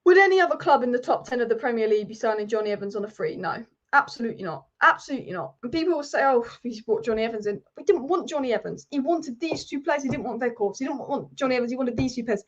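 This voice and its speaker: A woman's voice: a little high, expressive, rapid-fire, few pauses, dull audio. A woman hosting a live football show, ranting passionately and repeating points for emphasis. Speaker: football channel host.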